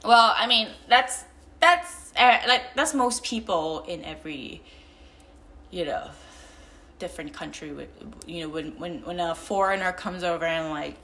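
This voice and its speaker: A woman's voice: fairly low pitch, lively intonation, unhurried, bright, forceful tone. A young woman vlogging in casual chat with a mild American accent, rambling with many fillers and restarts.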